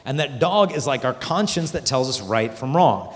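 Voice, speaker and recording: A man giving a youth conference talk, animated and acting out voices of the people in his stories. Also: medium pitch, normal speed. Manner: animated, acts out quoted voices. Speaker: Catholic speaker. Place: large conference hall. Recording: hall reverb from a large venue.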